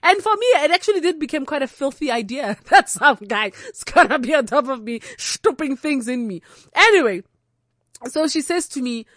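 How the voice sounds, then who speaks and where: A young South African woman telling candid, comic stories from her own life, animated and unfiltered. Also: high voice, normal speed, dry recording, studio quality. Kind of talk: comic personal storytelling.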